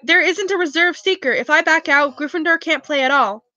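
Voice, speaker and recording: Play an earnest young boy wizard, eager and sincere, in a high, bright voice, as a woman reads him aloud. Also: brisk, dry recording, muffled recording. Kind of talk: audiobook character voice.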